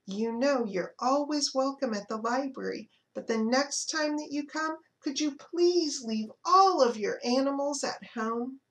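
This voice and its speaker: A kind, patient librarian from a children's picture book, as a woman reading aloud puts her on. She asks politely and gently, in a slightly high, unhurried voice. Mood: gentle.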